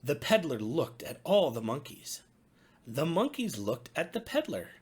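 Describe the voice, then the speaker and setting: A pastor reads a children's bedtime story at an unhurried pace. His breathy voice swoops widely up and down as he tells it in a sing-song manner. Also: a little high, sing-song, darkish tone.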